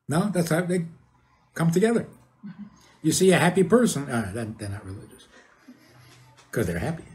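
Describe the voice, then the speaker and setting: An older man gives a rabbi's informal talk, his voice rising and falling with lively swings. He sits at a middling pitch and keeps turning to the audience with questions, chuckling at his own points. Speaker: rabbi teaching.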